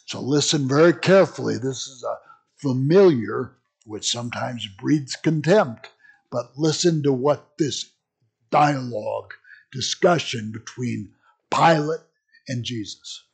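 A man leads a Bible study, talking slowly through a passage in a rambling, conversational way. His voice is gravelly and husky. He speaks at an unhurried pace and keeps breaking off into asides. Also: medium pitch.

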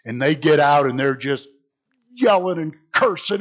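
A man's voice: mid-range voice, normal speed. A man teaching an informal Bible class, chatty and self-mocking, who laughs at his own jokes and reads scripture aloud.

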